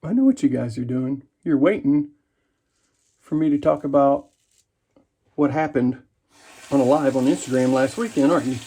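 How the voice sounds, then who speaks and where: A man hosting a wet shaving vlog shaves in his home bathroom, rambling and turning jokes on himself. He speaks at normal speed with long pauses, his medium-pitched voice dark with a breathy edge.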